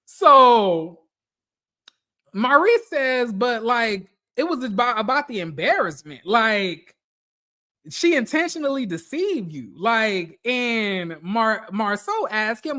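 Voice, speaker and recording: A man's voice: extremely high pitch, very animated, slow, bright, forceful tone. A man hosting a podcast, recapping reality TV in a casual rant, swearing freely and acting out people's reactions in quotes. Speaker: podcast host.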